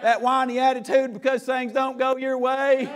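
Preaching to his congregation in a strikingly high-pitched voice, a man builds to loud, emphatic shouts, then eases back into conversational asides full of "hey" and "I tell you what." His tone is level and his pace moderate, with a loud crowd around him.

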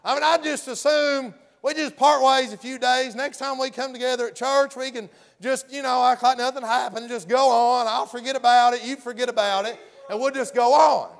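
A man's voice: extremely high pitch, fairly even intonation, moderate pace, creaky, few pauses. A man preaching a folksy sermon, often hollering and acting out the story's characters.

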